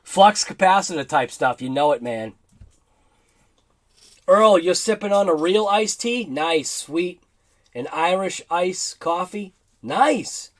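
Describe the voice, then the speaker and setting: A man's voice: sits high, lively intonation, slow pace. A man with a Boston accent hosting a casual livestream, rambling and laughing as he reads chat aloud. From Boston area, United States. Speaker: livestream host.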